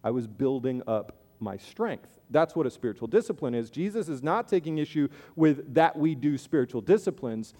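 A man's voice: medium pitch, darkish tone. Playful male pastor in a reverberant hall. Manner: conversational, playful asides, acts out quoted voices. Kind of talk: sermon.

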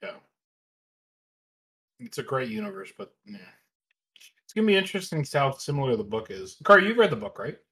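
A man co-hosting a casual chat, joking loudly, swearing and laughing a lot. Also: mid-range voice, big pitch swings, fairly quick, pauses often, breathy edge. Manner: loud, jokey, swears, bursts of laughter.

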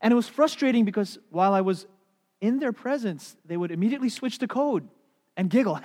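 A man's voice: sits high, dark tone. A middle-aged man preaches a sermon as the pastor, his slightly raised voice ringing through a long, reverberant church hall. He tells stories with animation and slips into playful voices along the way. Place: church sanctuary.

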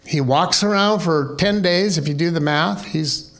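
A man's voice: on the high side, unhurried, a bit bright. Male pastor asking rhetorical questions. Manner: conversational, rhetorical questions, wry. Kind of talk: sermon.

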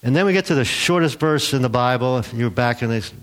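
A man's voice: mid-range voice, fast. A man delivers a sermon to his congregation, talking easily and plainly rather than thundering. His voice sits in an ordinary middle range. He acts out the lines of the people he quotes, with a chuckle here and there. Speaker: pastor.

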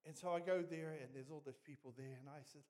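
A middle-aged New Zealand man preaching with a fairly high voice and lots of swing between loud, emphatic peaks and hushed storytelling. He tells his stories in a loose, conversational way. His talk keeps building toward forceful punchlines. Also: quick pace. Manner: animated, rising to loud emphatic peaks and dropping quiet for stories. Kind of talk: sermon storytelling.

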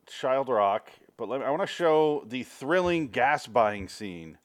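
A man's voice: medium pitch, animated, measured pace. A man co-hosting a casual movie review chat, rambling and wry, often laughing. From Canada. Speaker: podcast co-host.

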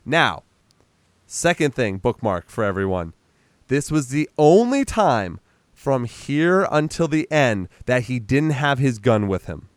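Man, medium voice, dry close sound; chatty film breakdown with loud character bits. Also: mid-range voice, slow, dry recording. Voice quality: animated retelling, acts out characters in a raised voice, swears. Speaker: podcast co-host. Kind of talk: casual movie recap chat.

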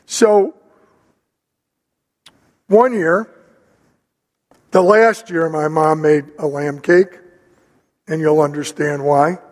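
An older man preaching a sermon, telling a family story in an animated, conversational way. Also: a little high, slow pace, pauses often, in a large hall. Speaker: pastor.

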